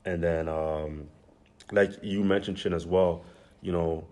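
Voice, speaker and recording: A man hosting a podcast, responding to his guests in a reflective, measured way with frequent ums. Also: deep voice, steady tone, a little mellow. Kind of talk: casual podcast discussion.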